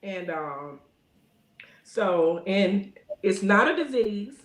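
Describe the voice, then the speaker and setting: A middle-aged woman, talking in a casual interview and filling her speech with "you know", getting lively when she tells stories. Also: medium pitch, very slow, echoey room. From Alabama. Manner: rambling, frequent "you know" fillers; animated when telling stories. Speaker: guest.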